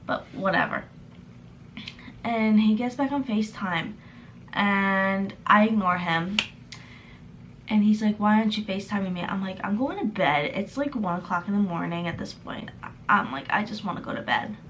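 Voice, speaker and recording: Young woman, vlogger, storytime tale, animated retelling, medium-pitched voice, faint background hiss. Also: moderate pace, dull audio. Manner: animated retelling, acting out quoted texts. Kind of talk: storytime vlog.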